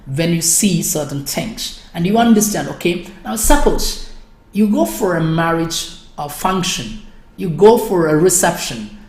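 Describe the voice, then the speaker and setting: A woman's voice: lowish voice, lively intonation, a little slow, a little mellow, reverberant. A woman teaching an exam speaking class, explaining step by step and addressing her students by name. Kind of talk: online class lecture.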